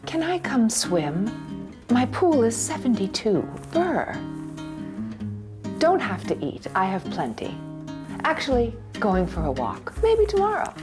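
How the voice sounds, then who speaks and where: A woman's voice: on the high side, huge pitch swings, unhurried, music in the background. A woman reading her mother's text messages aloud in a playful, sing-song way.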